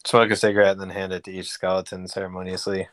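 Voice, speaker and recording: A man's voice: sits low, little pitch movement, quick pace, no room sound. A man playing in a tabletop game, describing his character's actions in third person. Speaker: player. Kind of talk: casual tabletop game chat.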